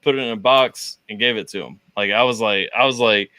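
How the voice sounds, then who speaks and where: A man's voice: lowish voice, brisk, pushed and bright, dry recording. A man and army veteran, a guest on a casual podcast, who tells a rambling, self-deprecating story. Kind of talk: casual chat.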